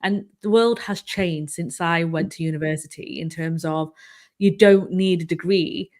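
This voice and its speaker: A woman's voice: lowish voice, moderate pace, darkish tone. Chatty woman with a mild northern English accent. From England, Manchester. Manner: chatty, lots of fillers like "you know". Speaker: host. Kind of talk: casual interview chat.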